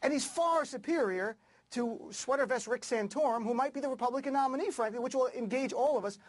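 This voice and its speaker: A male former attorney on a political panel. He talks quickly and earnestly, and he keeps pressing his argument with conviction. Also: very high-pitched.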